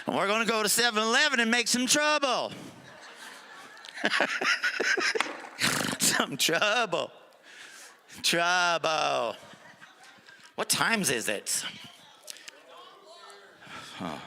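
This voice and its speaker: A man's voice: high-pitched, huge pitch swings, moderate pace, long pauses, bright, forceful tone, a little hiss or hum. A man doing a stand-up comedy set on a club stage, joking loosely and bantering with the crowd. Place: comedy club stage before a live audience.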